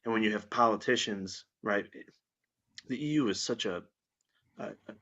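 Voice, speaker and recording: A low-pitched man talks bluntly and with strong opinions, dropping the odd curse as he chats on a podcast. His voice comes through a dull, lo-fi recording. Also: moderate pace, pushed and bright. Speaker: guest. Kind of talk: casual podcast chat. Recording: dull lo-fi sound.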